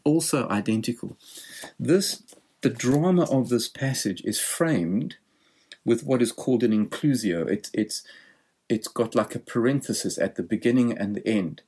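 A man's voice: medium pitch, animated, normal speed, a little mellow, husky. A man preaching a sermon, explaining a scripture passage in a thoughtful, explanatory way.

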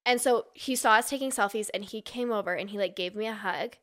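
A woman's voice: mid-range voice, a little fast, a bit bright. A woman from Utah, a podcast guest, telling a long gossipy story in casual chat and acting out the people she quotes.

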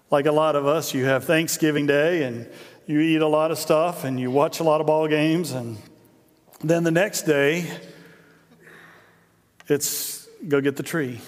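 A middle-aged man preaching a sermon as a pastor, in a conversational, joking storytelling manner that often repeats "and, and". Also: a little high. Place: church sanctuary. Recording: long hall reverb in a church.

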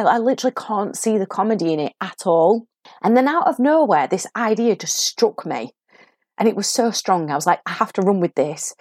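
A woman from Sheffield with a Sheffield accent, chatting casually and telling a story in a lively way as a podcast host. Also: on the low side, no room sound, clean studio sound. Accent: Sheffield English. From England. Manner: chatty, animated storytelling with laughs. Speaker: acting coach podcast host. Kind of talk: casual solo podcast talk.

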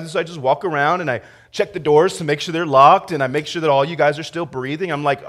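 A man's voice: fairly high pitch, fast, few pauses, a bit bright. A man, a pastor, giving a conversational sermon with stories and frequent restarts. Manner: conversational, storytelling with restarts and laughter.

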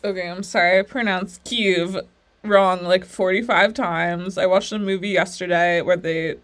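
A woman's voice: on the low side, steady tone, unhurried, a bit bright. A woman hosting a podcast, talking casually and laughing through her words, with plenty of swearing. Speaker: podcast host. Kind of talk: casual comedic monologue.

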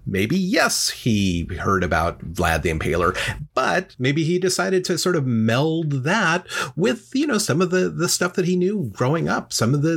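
A man's voice: fairly high pitch, creaky, slightly rough. A man casually retelling a folktale, chatty, with lots of fillers and asides. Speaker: storyteller.

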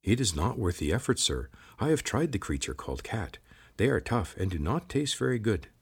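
This is a polite, formal cave creature who addresses the hero as sir, as a male narrator puts him on. The speech is stiff and precise, lifted above a low, husky voice. It sounds like an audiobook character voice. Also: big pitch swings, normal speed, full character voice. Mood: formal, earnest.

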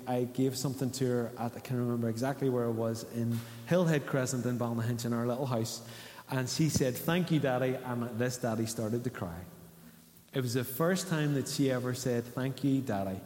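A man's voice: mid-range voice, fairly even intonation, moderate pace, darkish tone. A man, preaching a sermon in a conversational way and asking the congregation questions. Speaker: pastor. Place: church hall. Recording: echoey church hall.

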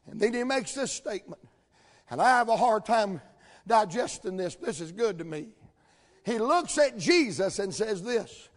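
A man preaching a folksy sermon in a church, telling the story with energy and building to shouts. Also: high-pitched, animated, unhurried. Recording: long hall reverb.

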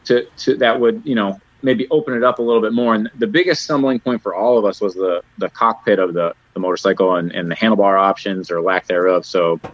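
Bike builder guy rambling kinda halting, lowish voice, dry dull lo-fi audio. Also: no room sound. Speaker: interview guest, custom motorcycle builder. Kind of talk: casual interview chat.

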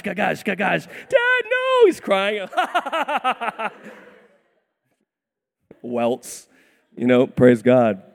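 A man preaching a sermon as a pastor, telling lively stories about his children and laughing often. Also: medium pitch, long reverb tail. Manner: animated, storytelling, laughing often.

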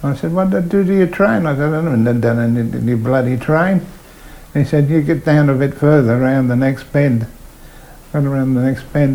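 An older Australian man recounts his railway days in an unhurried, storytelling voice. He slips into the voices of the people in his tales as he goes. His voice sits at an ordinary middle pitch for a man. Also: creaky, poor audio. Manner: animated yarn-spinner, voices people in his stories. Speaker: retired train driver. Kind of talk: oral history interview storytelling.

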